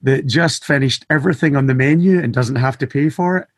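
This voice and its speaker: A man's voice: medium pitch, fairly quick, husky, dry recording, clean studio sound. A man from Scotland with a Scottish accent, a podcast guest joking and teasing in casual chat.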